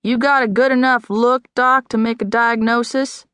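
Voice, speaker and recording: A brassy, sarcastic bartender , as a female narrator puts her on, talks high and loud. Her lines come out pushy and pointed. The sound is dry and close. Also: big pitch swings, measured pace, no room sound.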